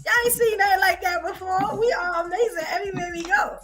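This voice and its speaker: A woman's voice: very high voice, quick pace, music in the background. A woman from New York with a New York accent, chatting animatedly and boastfully on a podcast with frequent laughs. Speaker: podcast co-host. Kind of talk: casual chat.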